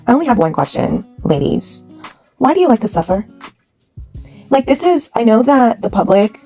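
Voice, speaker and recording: A woman's voice: mid-range voice, darkish tone, low-quality recording. A woman hosting a commentary channel, lecturing bluntly with many rhetorical questions. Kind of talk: opinion commentary to camera.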